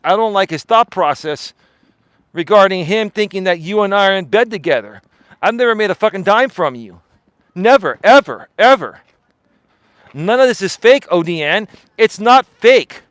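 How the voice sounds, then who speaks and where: A man with a high voice rants on his live stream, swearing and hammering the same point over and over. He projects hard for emphasis, and the sound is close and dry. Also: expressive, normal speed, fairly bright tone, clean tone, no room sound, rough recording. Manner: confrontational, profane, emphatic and repetitive. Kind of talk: heated live stream rant.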